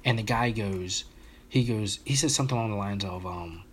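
Man, low voice, casual podcast storyteller, rambling, faint background noise. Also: a little fast, a bit bright. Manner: rambling storyteller with many restarts and fillers. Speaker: podcast co-host telling a story. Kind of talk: casual chat.

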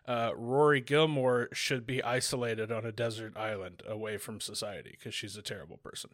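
A man chatting on a podcast, opinionated and quick to react. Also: mid-range voice, steady tone, a bit bright, no room sound, studio quality. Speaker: podcast co-host. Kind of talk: casual chat.

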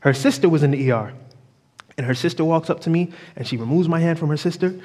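A man's voice: fairly high pitch, quick pace, darkish tone. A man preaching a sermon from the pulpit, drawing out phrases for emphasis and calling for responses from the congregation. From New York. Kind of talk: sermon with storytelling. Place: church sanctuary. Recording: long reverb of a church hall.

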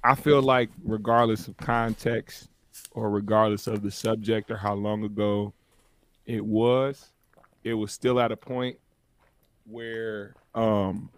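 A man co-hosting a podcast in casual chat, calmly explaining his view. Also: on the low side. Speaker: podcast co-host.

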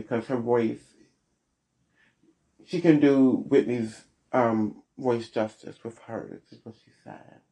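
A man hosting a solo podcast, giving blunt, sassy opinions with big swings in pitch. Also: creaky, warm tone. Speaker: podcast host.

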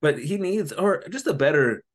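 A man co-hosting a casual podcast, retelling an episode in an animated, jokey way. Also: a little high, moderate pace. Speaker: podcast co-host. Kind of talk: casual comedic recap chat.

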